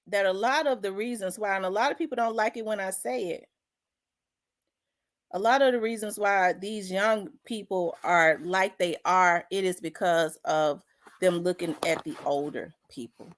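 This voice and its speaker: Speaking at a normal speed in a mid-range voice, this host from South Memphis, Tennessee, carries a Memphis accent. She delivers a blunt, fired-up, profane rant on her opinion vlog.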